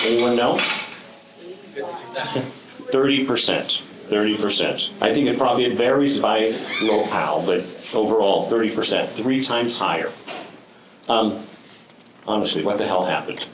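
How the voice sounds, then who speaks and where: A man's voice: lowish voice, echoey room, background noise. A man giving a prepared speech to a live audience, telling stories with dry, wry humor and frequent ums. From United States. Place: room with an audience.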